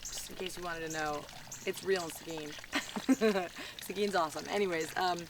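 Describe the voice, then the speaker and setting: A woman's voice: on the low side, moderate pace, background noise. A chatty woman, talking casually in a home vlog. She giggles often and breaks off to talk to her pets. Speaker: vlogger. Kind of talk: casual chat reading old postcards aloud.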